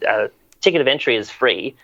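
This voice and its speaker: This man has a bright, forceful tone and talks in a curious, musing way. His audio sounds dull and lo-fi, dry with no room. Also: mid-range voice, expressive, brisk, no echo. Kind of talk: casual chat.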